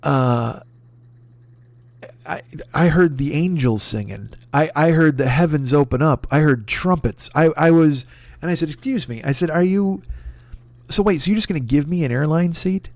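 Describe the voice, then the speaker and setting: In a dry recording, a podcast host in his forties speaks at normal speed in a somewhat high, slightly mellow voice. His casual solo storytelling is a rambling, profane, self-deprecating personal tale full of restarts.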